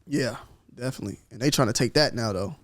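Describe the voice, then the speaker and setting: A man's voice: medium pitch, quick pace, no room sound. A man hosting a podcast in casual chat, a little tipsy, telling stories loosely and mimicking other people's voices. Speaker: podcast host.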